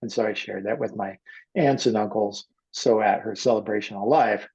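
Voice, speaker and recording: A man with a low, gravelly voice tells a story at an easy, wandering pace, full of ums, and slips into the voices of the people in it. His voice is husky, and the recording sounds dull. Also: moderate pace, darkish tone. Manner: rambling, many fillers, acts out quoted voices. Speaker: guest artist. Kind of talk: storytelling in casual conversation.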